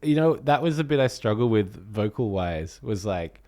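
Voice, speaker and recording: A man with an Australian accent chats casually about music, his voice sitting a little low. He meanders as he thinks aloud, filling gaps with ums. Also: animated, moderate pace, warm tone. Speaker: podcast co-host.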